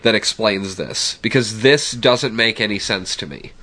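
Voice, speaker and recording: A man with a sick voice, co-hosting a podcast and recapping a TV episode in a relaxed, musing way. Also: lowish voice, measured pace. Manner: relaxed, musing, hesitant with fillers. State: sick, congested voice. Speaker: podcast co-host. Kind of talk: casual chat recapping a TV episode.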